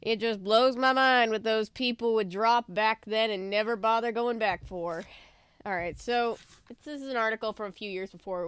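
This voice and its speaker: A woman's voice: a little high, moderate pace, a bit bright, clean tone, no echo. A woman hosting a let's play, chatting casually and thinking aloud while coughing from allergies. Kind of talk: casual gameplay commentary.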